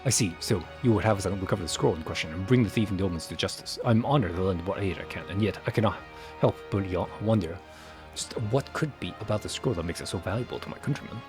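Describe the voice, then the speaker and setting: A man voicing a polite, earnest male ninja from the east who speaks in formal, measured sentences. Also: low-pitched, music in the background, close to an everyday voice.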